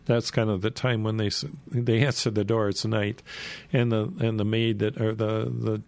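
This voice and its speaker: Gravelly low-voiced man retelling Bible stories. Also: level tone, moderate pace, darkish tone. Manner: rambling, chuckles while telling the story. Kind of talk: casual Bible story retelling.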